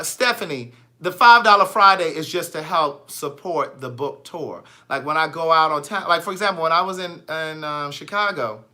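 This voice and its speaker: A man, an author, chatting casually on a live stream, greeting viewers by name and spelling things out slowly. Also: a little high, pushed and bright.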